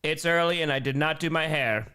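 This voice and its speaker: A man's voice: a little high, fairly quick, smooth. A young man with an Upper Midwest American accent, hosting a live football stream from home, calling plays and reading chat comments. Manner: energetic, calls plays and reads chat comments. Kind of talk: live play-by-play and chat reactions. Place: home room.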